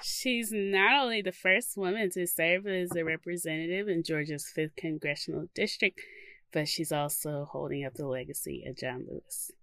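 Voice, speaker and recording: A woman's voice: on the low side, steady tone, moderate pace, fairly bright tone, dry recording, a faint crowd. A woman co-hosting a casual podcast, chatting candidly about current events and laughing often. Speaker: podcast co-host.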